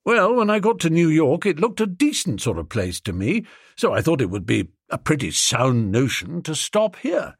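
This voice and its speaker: A flustered young toff in a fix, as a male narrator plays him, rambling on in old-fashioned slang. The pitch jumps around a lot, and the voice is slightly husky on a close, dry recording. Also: huge pitch swings, moderate pace, dry recording, full character voice. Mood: gloomy. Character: hard-up young gentleman, gloomy and flustered. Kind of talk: audiobook character voice.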